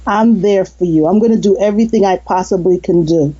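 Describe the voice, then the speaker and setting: A medium-pitched, slightly rough voice, fairly quick, heard on dull audio. The speaker is a hypnotist who was once a nurse, guesting in a casual interview where she tells heartfelt stories with frequent restarts and laughter.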